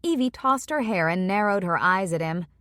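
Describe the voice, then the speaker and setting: A woman narrating a first-person romance audiobook with an even storytelling delivery. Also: mid-range voice, moderate pace, no room sound, studio quality.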